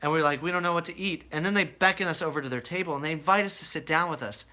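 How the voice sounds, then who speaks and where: Talking rapid-fire in a voice on the high side, a young American animatedly rambles through his life story for viewers in a live chat. He performs the quoted voices as he goes along.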